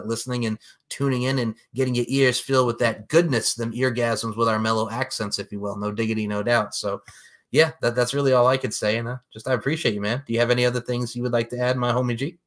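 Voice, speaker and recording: A man co-hosting a podcast, rattling off show plugs in a quick promo cadence during a casual sign-off. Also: mid-range voice, fairly bright tone. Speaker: podcast co-host.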